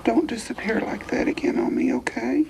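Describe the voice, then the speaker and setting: A woman's voice: on the high side, sing-song, normal speed, vocal fry, a little mellow, husky, whispered, heavily acted, low-quality recording. An actress playing a weary, protective housebound mother in film dialogue, pleading and emotional. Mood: hushed. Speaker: film character.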